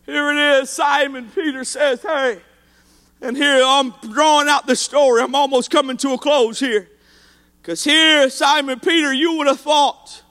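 Male preacher, high bright tone, shouted sing-song delivery. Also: steady tone, measured pace, in a large hall. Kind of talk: sermon.

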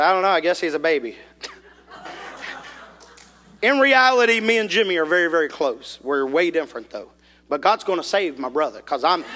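Male preacher, bright and forceful tone, folksy and animated, recorded in a reverberant church hall. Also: high voice, a little hiss or hum. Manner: folksy, animated, rises to shouting. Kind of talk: sermon storytelling.

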